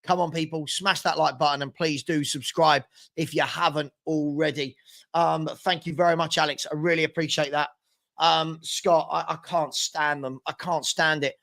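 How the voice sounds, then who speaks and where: A man's voice: on the high side, steady tone, normal speed, vocal fry, fairly bright tone. A young man chatting casually as host of a live football watchalong, reading out and answering viewer comments. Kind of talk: casual live-stream chat.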